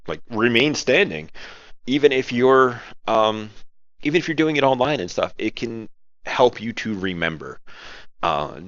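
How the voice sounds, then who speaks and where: At home, with his girlfriend watching TV nearby, a game master chats casually about running tabletop games, wandering off track and fixing his own words. His voice is lowish and fairly bright, captured in a dry, muffled audio-only recording without a camera.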